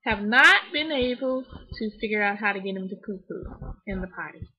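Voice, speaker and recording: Husky chatty mother on a lo-fi vlog. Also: mid-range voice, animated, moderate pace. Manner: candid, chatty, many restarts. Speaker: parent vlogger. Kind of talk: casual vlog monologue. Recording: dull lo-fi home recording.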